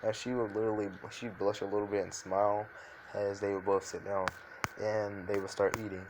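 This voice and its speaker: A young man with a low voice improvises a fan story out loud. He rambles, fills gaps with fillers and keeps correcting himself. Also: flat delivery, fairly quick, noisy background.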